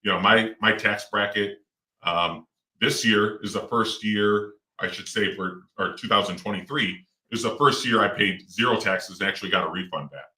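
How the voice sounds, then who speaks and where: A middle-aged real estate investor talks in a loose, rambling way, full of fillers and false starts. His voice sits low but sounds bright and forceful. The mic is far from him, in a roomy, echoing space. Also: normal speed. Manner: rambling, with many fillers and restarts. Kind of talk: casual interview talk. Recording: roomy echo, distant mic.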